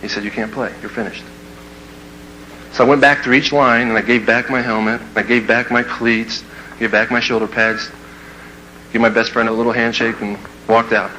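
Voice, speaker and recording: A man with a mid-range voice, speaking at a normal pace, delivers a comic personal story to a crowd as a motivational speaker. He's animated, plays out the voices of the people involved, and laughs at his own tale. The audio is poor, with slight background noise.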